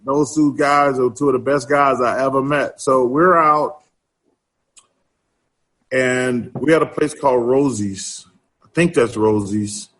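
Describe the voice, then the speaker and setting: A middle-aged man with a drawl tells a long story in a husky, grainy voice. He acts out each line of dialogue as he goes. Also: medium pitch, unhurried, long pauses. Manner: animated storyteller, acts out quotes. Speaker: interview guest. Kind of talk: casual storytelling.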